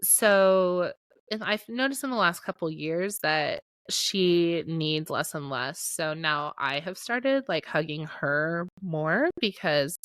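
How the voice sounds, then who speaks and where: A woman's voice: fairly low pitch, slow pace, a bit bright, smooth, no echo. A woman in her late thirties co-hosting a podcast, telling stories with lots of laughter and acted-out quotes. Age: late 30s. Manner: storytelling, laughs often, acts out quotes. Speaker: podcast co-host. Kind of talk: casual chat.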